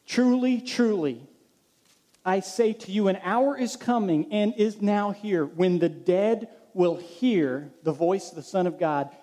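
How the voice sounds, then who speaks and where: A man's voice: high-pitched, a little mellow. A male pastor preaching a sermon, reading scripture aloud and putting questions to his congregation.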